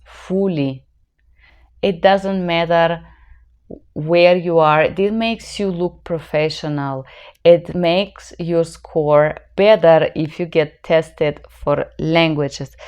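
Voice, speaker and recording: A woman's voice: on the low side, clean tone, highs cut off. A woman interpreter with a non-native accent in English, giving earnest, emphatic advice to her viewers. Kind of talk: advice vlog.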